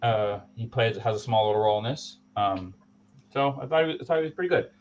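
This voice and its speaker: A man's voice: fairly low pitch, animated, fast, highs cut off. A man co-hosting a live show, giving a casual, enthusiastic movie review full of fillers and restarts. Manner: rambling, many fillers and restarts. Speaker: podcast co-host reviewing movies.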